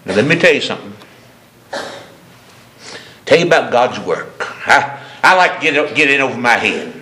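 A man preaching a sermon with passion, repeating phrases for emphasis and climbing from low murmurs to high, ringing cries. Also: animated, normal speed, sharp tone.

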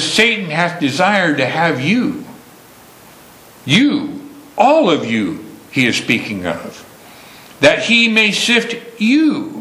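A man preaching a sermon slowly and emphatically, stressing key words. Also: on the high side, pushed and bright, reverberant, poor audio.

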